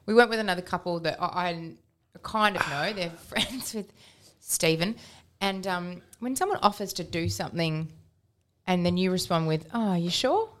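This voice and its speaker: An Australian woman co-hosting a casual radio chat, telling animated stories. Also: fairly low pitch, normal speed. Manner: chatty, animated storytelling.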